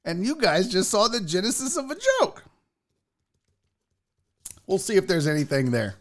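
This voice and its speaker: A man's voice: sits high, sing-song, normal speed, fairly bright tone. Profane rambling male show host. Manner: profane, rambling, reads chat aloud. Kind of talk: casual live-show banter.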